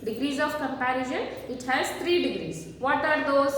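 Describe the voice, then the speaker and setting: A high-voiced schoolteacher gives a classroom grammar lesson, talking very slowly and repeating word forms for the children. Her tone is fairly bright. She's far from the mic in an echoey classroom with a long echo and slight background noise.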